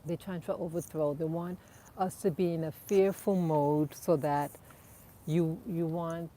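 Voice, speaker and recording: A woman talks casually to her viewers while out in a park, slow and thoughtful, her voice set a bit low. Faint outdoor noise sits under her clip-on mic. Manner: relaxed, reflective, chatty, with soft laughs. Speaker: vlogger walking her dogs. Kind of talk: casual outdoor vlog chat. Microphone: clip-on mic, wind audible.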